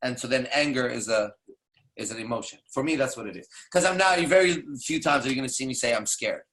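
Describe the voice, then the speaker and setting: This one is a fast-talking dating coach with a medium-pitched, somewhat bright voice. Casual, blunt and profane, he keeps ending his points with tag questions like "right?" and "okay?"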